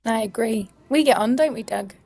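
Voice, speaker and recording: A woman co-hosting live golf commentary as analyst, lively and encouraging, playful with her co-host. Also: on the high side, moderate pace, crowd noise.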